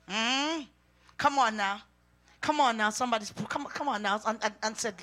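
A woman preaching a sermon, reading scripture and shouting out to the congregation with emphatic calls. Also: a little high, moderate pace.

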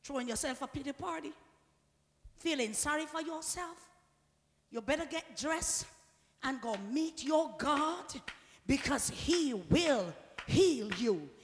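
A woman preacher giving a sermon in call-and-response style. She drives the congregation with repeated questions and builds to shouted peaks. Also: high-pitched, lively intonation, slow, pauses often. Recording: long reverb of a large hall.

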